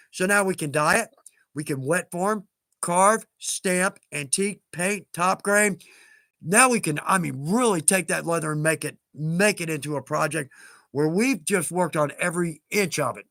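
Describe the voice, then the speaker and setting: A man's voice: a little high, sharp tone, no room sound. A man hosting a leathercraft livestream in casual chat, rambling, restarting and laughing at himself. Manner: chatty, self-interrupting, laughs at himself. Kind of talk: casual live-stream chat.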